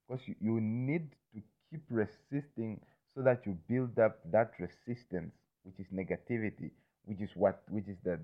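A man with a lowish voice talks in a loose, rambling way, swearing often and circling back with "you understand me?" The sound is thin and narrow, like it came over a phone line. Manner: loose, repetitive, swears freely, keeps asking "you understand me?". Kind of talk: casual rambling monologue.

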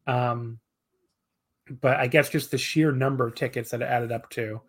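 A man's voice: mid-range voice, fairly even intonation, moderate pace, fairly bright tone, husky. A man appearing as a guest on a podcast, talking casually and rambling, often laughing at himself. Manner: laughing, rambling, self-deprecating.

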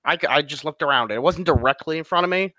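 A man co-hosting a podcast in casual chat, animated and quick to interject. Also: on the high side, dry recording. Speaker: podcast co-host.

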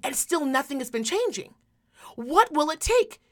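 A woman's voice: high-pitched, big pitch swings, normal speed, a bit bright. A woman who works in medicine talks in a heated, emphatic way on a podcast, swearing often. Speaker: podcast host; medical worker. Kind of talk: impassioned casual talk.

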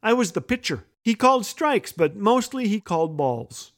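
A man's voice: sits high, sing-song, normal speed. A man hosting a humor show, reading his own children's story aloud with a playful, jokey delivery. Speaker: host and storyteller.

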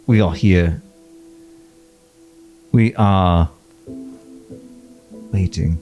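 Guy doing a slow solemn dramatic reading for laughs, very unhurried, faint music. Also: sits low, darkish tone. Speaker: podcast guest.

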